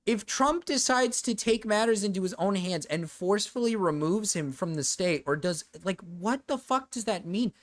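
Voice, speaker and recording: Woman streamer, loose profane rambling reactions, middle pitch. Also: expressive, normal speed, hardly any pauses. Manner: rambling and profane, with frequent laughter. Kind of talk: casual reaction commentary.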